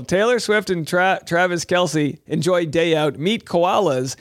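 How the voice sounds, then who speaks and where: A man's voice: high-pitched, unhurried, dry recording, studio quality. Wry man hosting a talk show. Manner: wry, jokey, mocking asides. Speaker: show host. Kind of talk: casual commentary reading news articles.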